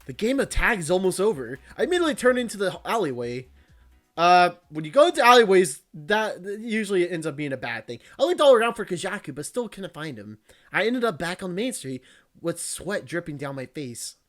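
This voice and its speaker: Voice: mid-range voice, very animated, fairly quick. A VTuber reading a visual novel aloud, breaking off for joking, crude, teasing asides and frequent laughs.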